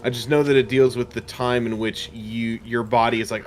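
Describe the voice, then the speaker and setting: A man talking in a relaxed, easygoing way while playing a co-op game with a friend. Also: medium pitch, moderate pace, a little hiss or hum. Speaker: co-op game partner. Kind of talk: casual gameplay chat.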